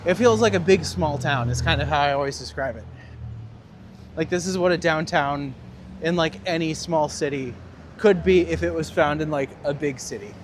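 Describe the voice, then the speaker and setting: Tour-guide streamer, male, slightly high voice, casual and jokey, walking city streets with faint background noise. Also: normal speed. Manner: chatty and jokey, answering live chat while walking. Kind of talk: live walking-tour stream, chatting with viewers.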